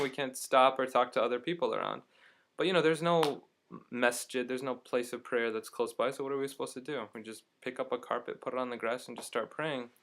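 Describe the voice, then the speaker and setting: At home, a young male vlogger casually tells a story to his camera in a chatty, animated way, full of fillers. His voice sits at medium pitch.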